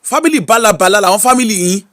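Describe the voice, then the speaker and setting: A woman's voice: mid-range voice, expressive, rapid-fire, fairly bright tone. Exclamatory Nigerian woman gossip host. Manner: exclamatory, mixes Pidgin and Yoruba into English. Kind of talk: casual celebrity gossip commentary.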